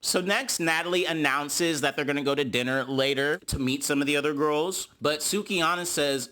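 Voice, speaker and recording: In a pushed, bright voice at a moderate pace, a man gives a sassy, gossipy recap of a reality TV episode as casual commentary. He calls his listeners honey and girl and mimics the cast members in high voices.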